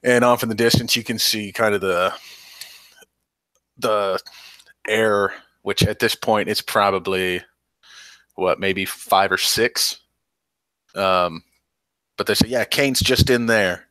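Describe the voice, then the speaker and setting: Deep bright-toned male game master. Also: steady tone, takes it slowly, pauses often, clean tone, no room sound. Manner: loose, rambling narration with many ums. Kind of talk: narrating a tabletop game.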